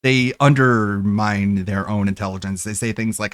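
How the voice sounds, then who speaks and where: A man's voice: on the low side, steady tone, moderate pace, dry recording. A man in a played clip arguing in a mocking, incredulous way. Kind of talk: argumentative commentary.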